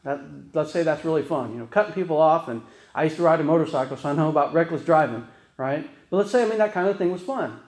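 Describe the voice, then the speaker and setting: A male pastor preaches in a loose, storytelling way, often checking in with his listeners. His voice sits a little high for a man. The room rings around him like a church sanctuary. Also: lively intonation, quick pace, a little mellow, roomy sound, low-quality recording. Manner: folksy storytelling, frequent "right?" asides. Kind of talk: conversational sermon.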